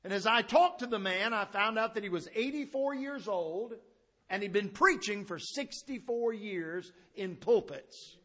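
High, bright-voiced man preaching a sermon. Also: unhurried. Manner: storytelling, swings between hushed asides and raised preaching.

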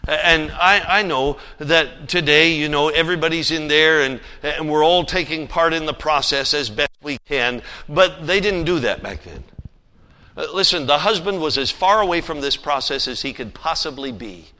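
A man preaching a sermon, telling a story with animated swings between loud emphasis and hushed asides. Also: fairly high pitch, moderate pace. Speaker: pastor. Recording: long hall reverb.

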